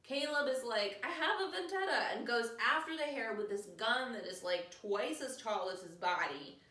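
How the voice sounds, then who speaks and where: A woman's voice: a little high, normal speed, sharp tone, echoey room, far from the mic. A woman hosting a casual podcast, recapping a movie in a chatty, sarcastic way and acting out the characters' lines. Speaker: podcast host.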